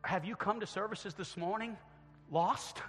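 A male pastor preaching a sermon and altar call in a church, swinging from loud acted quotes to quiet earnest appeals. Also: sits high, unhurried, faint music behind. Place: church sanctuary. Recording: long church hall reverb.

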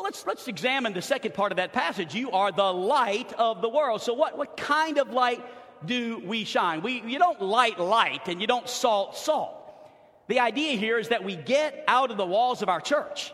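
A pastor from New Orleans with a high voice delivers an emphatic sermon in a church sanctuary. He swings between loud passages and hushed ones, and the recording carries a long hall reverb.

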